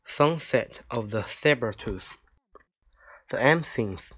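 Slow, careful man reading a storybook. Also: medium pitch. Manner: slow, careful reading with small slips and restarts. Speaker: reader. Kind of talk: reading a children's book aloud.

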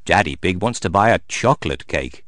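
A man narrating a storybook aloud in an expressive, sing-song way. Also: sits low, fairly quick, no room sound, clean studio sound.

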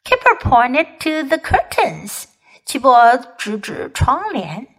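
A woman's voice: high-pitched, slow. A woman English teacher reading a children's picture book aloud, line by line in two languages, and talking to children directly. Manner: animated, addresses children directly. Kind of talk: bilingual storybook reading for children.

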